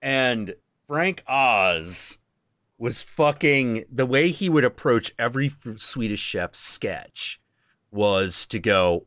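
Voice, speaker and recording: A man's voice: mid-range voice, takes it slowly, no room sound, studio quality. A man hosting a live stream, chatting casually and candidly, swearing freely as he tells stories. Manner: candid, swearing, animated storyteller. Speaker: stream host.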